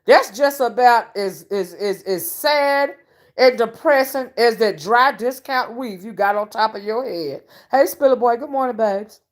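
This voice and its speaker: A woman's voice: on the high side, a little slow. A woman hosting a casual live-stream commentary, sassy and mocking as she rants and greets her chat. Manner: greets chat viewers mid-rant. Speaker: online commentary host.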